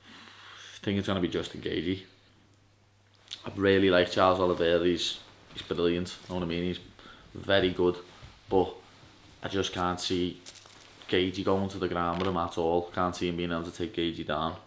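A young man with a strong Scouse accent talks casually to his vlog camera in a low voice. He is loud and blunt, swears freely and drops "lad" into almost every sentence. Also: monotone, moderate pace, pauses often, a little hiss or hum. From Liverpool, England. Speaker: fighter vlogging.

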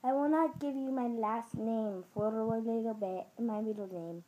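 A woman's voice: on the high side, normal speed, dark tone, dull audio, slight background noise. A woman from Ohio chatting to camera in a giggly, scattered, jokey way. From Ohio, United States. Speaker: vlogger. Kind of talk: casual rambling to camera.

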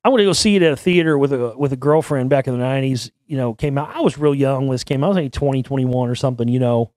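A man's voice: mid-range voice, fast talker, a little mellow, no room sound, studio quality. A man in his forties hosting a show, talking in a rambling, blunt and profane casual monologue. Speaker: show host.

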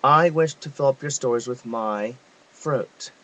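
A man reading a devotional text aloud, in a measured, reverent way with pauses. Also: medium pitch, a bit bright, rough recording. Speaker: reader of devotional messages.

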